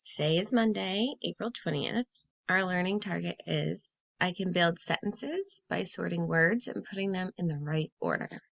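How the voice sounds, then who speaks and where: A woman teacher giving a slow, clearly spaced phonics lesson to young children, in an encouraging tone. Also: on the low side, a bit bright, dry recording.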